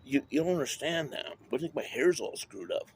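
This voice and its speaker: A man's voice: medium pitch, animated, a little fast, breathy edge. A man talking in a rambling monologue, drifting between topics and swearing often. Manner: rambling, wandering, with frequent swearing.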